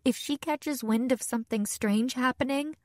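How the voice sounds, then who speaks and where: A woman's voice: high voice, normal speed, darkish tone, dry recording, clean studio sound, pitched above the performer's own voice, natural voice. A woman voicing a tired, anxious young bride who speaks hesitantly. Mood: weary.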